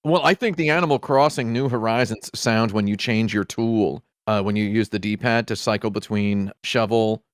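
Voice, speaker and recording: A man on a podcast panel in casual chat, wry and opinionated, given to sudden loud impressions. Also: fairly low pitch, normal speed, few pauses, clear, resonant tone, no echo, studio quality.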